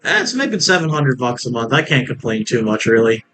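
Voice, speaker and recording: A man talking through a theme park building game in a loose, rambling way. He cracks jokes and laughs at them as he goes. His pitch sits in an ordinary middle range, with soft game music under his voice. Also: sing-song, brisk, rough recording. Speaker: let's play gamer. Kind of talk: casual gameplay commentary.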